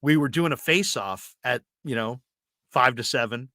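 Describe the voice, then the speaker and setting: A man hosting a casual sports talk show, animated and often restarting his sentences. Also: medium pitch, normal speed, no room sound, clean studio sound. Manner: animated, self-interrupting storyteller.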